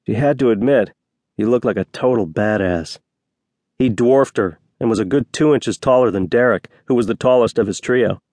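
A man narrating a romance novel as an audiobook reader, voicing each character with slight shifts of pitch. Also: moderate pace, a little mellow, no room sound, clean studio sound. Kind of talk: scripted narration.

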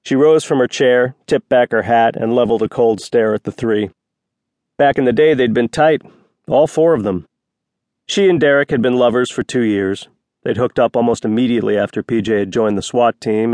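A man narrating a romance novel as an audiobook reader, voicing each character with slight shifts of pitch. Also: darkish tone, dry recording. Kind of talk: scripted narration.

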